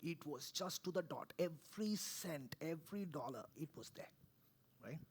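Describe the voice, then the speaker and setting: A man, preaching conversationally, swinging from loud to hushed and often asking "right?". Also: fairly high pitch, animated, moderate pace, breathy edge. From India. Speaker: pastor. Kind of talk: sermon. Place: church.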